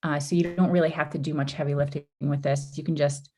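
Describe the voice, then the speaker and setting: Female workshop instructor, mellow low voice, slightly strained from losing it, relaxed step-by-step screen-share teaching. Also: fast talker. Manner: casual, step-by-step, with frequent ums and oopses. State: losing her voice. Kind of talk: live screen-share design tutorial.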